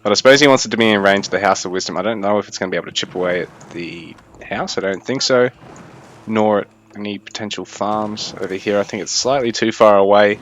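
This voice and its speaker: A young man giving casual, chatty game commentary, thinking aloud in a fairly even delivery. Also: lowish voice, fast, dull audio, slight background noise. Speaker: esports caster.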